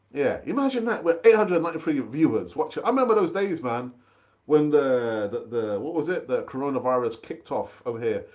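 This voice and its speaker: A man hosting a live fan stream, loose and chatty, who calls his viewers brother and keeps doubling back on his words. His voice sits fairly high for a man. The stream audio is dull and lo-fi. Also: darkish tone. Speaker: fan channel host.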